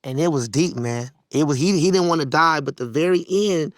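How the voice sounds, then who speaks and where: A man from Los with a gravelly voice, telling a personal story bluntly and candidly in an interview. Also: a little high, normal speed, no room sound, clean studio sound. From Los Angeles, USA. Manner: blunt, profane, heartfelt, slips into voices when quoting. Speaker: guest musician and producer.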